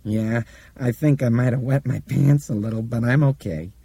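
A plucky, shaken young woman, as a man reads her in an audiobook, breathless and wry. Her voice rises well above the narrator's low tone. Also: moderate pace, creaky, dark tone, slightly rough, no echo.

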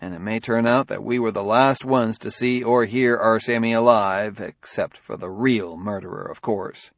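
A man's voice: on the low side, fairly even intonation, moderate pace, dry recording, lightly acted. A man playing a tense, hunted detective. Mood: anxious. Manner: urgent, anxious reasoning aloud. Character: tense, hunted male human police detective. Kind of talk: audiobook dialogue reading.

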